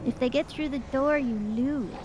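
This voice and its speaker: This is a woman in a casual gaming chat, talking things through in long, rambling explanations. Her voice sits a little higher than most, and a faint background noise runs under her speech. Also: moderate pace. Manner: chatty, explains things at length with laughs. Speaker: gaming group member.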